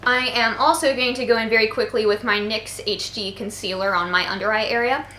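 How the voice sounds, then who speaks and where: A woman's voice: fairly high pitch, steady tone, a little fast, pushed and bright. A young woman in her twenties, tired from poor sleep, talks through a makeup tutorial in a chatty, playful way with joking asides. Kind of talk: casual makeup tutorial narration. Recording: roomy echo, faint background noise. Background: faint voices of people outside.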